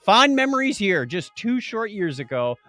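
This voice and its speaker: A man with a high, very lively voice co-hosts a casual podcast. He reads history notes and laughs at his own slips, with faint music behind him. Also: normal speed. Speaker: podcast co-host.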